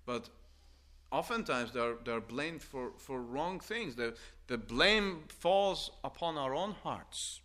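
An older man preaching a sermon, earnest and halting at times, rising into forceful appeals with repeated questions. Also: medium pitch, lively intonation. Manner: halting restarts and stammers.

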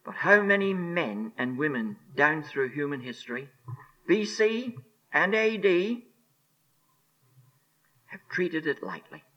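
A man preaching a sermon on scripture, emphatic and deliberate, repeating key phrases and sinking to a hushed near-whisper on solemn words. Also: on the high side, big pitch swings, muffled recording. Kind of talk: expository sermon.

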